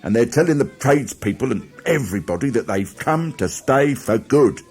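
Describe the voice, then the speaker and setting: A man's voice: medium pitch, lively intonation, moderate pace, darkish tone, breathy edge, soft background music, voice pushed up. A man voicing a fussy, anxious male water rat in an audiobook reading, scolding and exasperated. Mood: indignant gossip.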